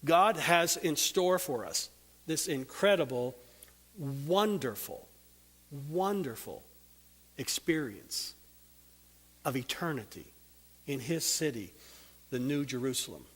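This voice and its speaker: A man preaching a sermon, earnest and drawing out key words, ending in a quiet prayer. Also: a little high, animated, breathy edge. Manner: earnest, slows and drops soft on key words. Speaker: Bible teacher. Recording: long hall reverb.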